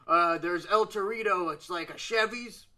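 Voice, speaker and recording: A man improvising deadpan in a comedy interview, at times slipping into a loud, boastful promo voice. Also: high-pitched, normal speed.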